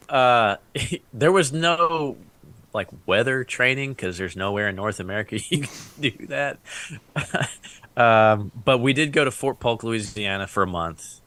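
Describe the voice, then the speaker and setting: Bright-voiced veteran man telling war stories. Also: mid-range voice, slow, dry recording. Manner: rambling, laughs often, acts out quotes. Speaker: Iraq War veteran guest. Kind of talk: casual podcast storytelling.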